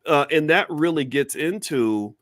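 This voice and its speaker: A man's voice: on the high side, animated, unhurried, no room sound. Opinionated man lecturing on a call. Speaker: guest commentator. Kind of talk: casual video-call conversation.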